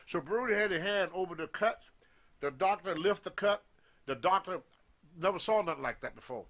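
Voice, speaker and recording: An older man with a drawl tells an old road story in a casual, animated way, and he acts out each person's lines as he goes. His voice sits high for a man. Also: moderate pace. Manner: animated anecdote, acting out quoted lines. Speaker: guest storyteller on a wrestling show.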